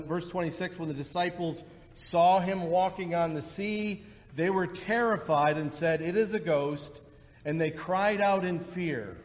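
Man preaching in an echoing hall. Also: on the high side. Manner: conversational preaching, animated when voicing quotes. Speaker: pastor. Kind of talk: sermon. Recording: dull lo-fi sound with long hall reverb.

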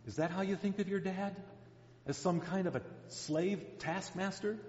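A man's voice: high-pitched, moderate pace, darkish tone. A man preaching a sermon, telling the story dramatically and acting out the quoted lines. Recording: echoey hall, dull sound.

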